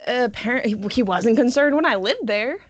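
A woman's voice: fairly high pitch, expressive, a little fast, dry recording. A woman in casual chat with friends, making dry, blunt remarks. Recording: dull lo-fi sound.

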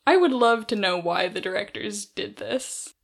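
A woman's voice: medium pitch, lively intonation, moderate pace, gravelly. A woman co-hosting a podcast, chatting casually and animatedly, laughing often. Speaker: podcast co-host. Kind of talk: casual chat.

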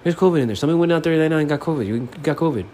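A man from Miami talking alone on his sports podcast in his apartment, cursing constantly and swinging between low, subdued mumbling and loud, animated ranting. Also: racing, slight background noise. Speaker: podcast host. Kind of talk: casual solo sports podcast rant.

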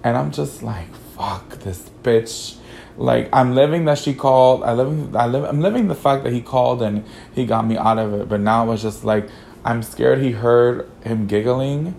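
A man's voice: medium pitch, moderate pace, creaky, a little mellow, slight background noise, rough recording. A man hosting a podcast, telling a personal story in a sassy, slang-heavy casual monologue. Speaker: podcast host.

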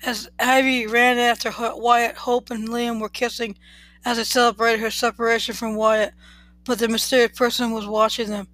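A woman's voice: fairly high pitch, flat delivery, normal speed, fairly bright tone, no echo, poor audio. A woman reading a serial romance story aloud, plainly, with small slips and restarts. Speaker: podcast storyteller.

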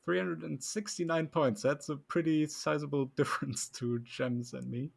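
A man with a German accent co-hosting a casual podcast, reading out results slowly and laughing often. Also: a little high, fairly even intonation, gravelly, slightly rough. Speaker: co-host.

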